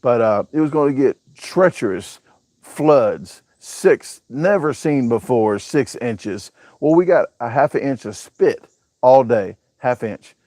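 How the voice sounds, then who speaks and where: Here a man talks slowly in a mellow, mid-range voice with lively intonation, and the recording is dry. Hosting a casual live chat from home with his backyard on camera, he jokes and rambles through viewer comments, sounding southern-US.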